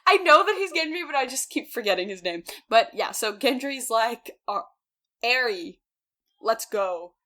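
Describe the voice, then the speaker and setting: A woman's voice: fairly high pitch, expressive, moderate pace, sharp tone. A woman co-hosting a podcast, casually recapping a book, laughing often and acting out characters in playful voices. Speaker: podcast co-host. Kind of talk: casual book discussion chat.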